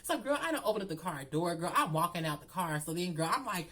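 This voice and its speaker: A woman telling a dramatic story in a casual, animated way, often calling the listener "girl.". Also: lowish voice, fast. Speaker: storytelling vlogger.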